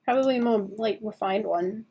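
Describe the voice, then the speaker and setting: A woman's voice: mid-range voice, a little fast, dark tone, slightly rough. Sleepy, chatty young woman streamer. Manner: chatty, rambling, laughs often. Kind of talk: casual chat while drawing.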